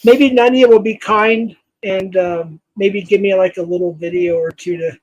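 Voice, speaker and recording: A man's voice: high voice, fairly even intonation, normal speed, no echo, low-quality recording. A man hosting a casual livestream chat, rambling and thankful, with frequent fillers and laughs. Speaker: livestream host.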